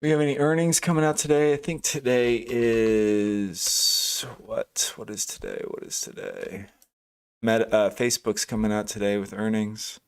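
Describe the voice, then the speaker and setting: A man's voice: on the low side, sing-song, measured pace, clear, resonant tone. A man hosting a live day trading stream, thinking aloud over charts with many fillers and restarts. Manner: thinking aloud, hesitant, frequent fillers and self-corrections; greets chat viewers by name. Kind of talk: casual live market commentary.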